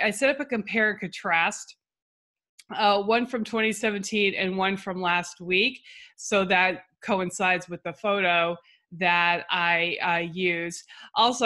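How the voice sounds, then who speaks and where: A woman's voice: medium pitch, pushed and bright. A middle-aged woman writing coach talks casually through her own social media post, chatty and self-deprecating with lots of fillers.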